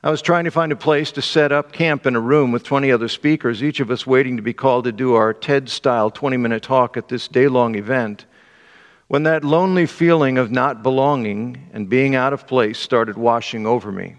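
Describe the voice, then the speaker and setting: A man preaching a sermon and reading an excerpt aloud, with a measured, deliberate delivery. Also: medium pitch, long reverb tail. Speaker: pastor.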